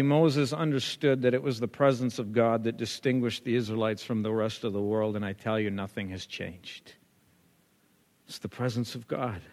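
A male pastor preaching a sermon, telling a story and building up to emphatic, repeated lines. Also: medium pitch. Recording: long hall reverb.

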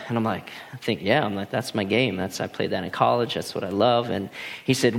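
A man in his thirties, a pastor telling personal stories in a lively, animated sermon full of restarts. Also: lowish voice, fairly quick, vocal fry. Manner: animated, laughing storyteller with many restarts. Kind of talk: storytelling sermon.

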